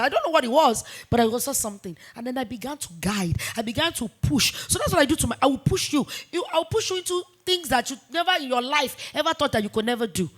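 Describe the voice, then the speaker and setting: A woman in her forties, a business founder talking in a fireside chat interview, emphatic and animated, repeating points for weight. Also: high-pitched, quick pace, hardly any pauses. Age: 40s. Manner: emphatic, animated storytelling with repetitions.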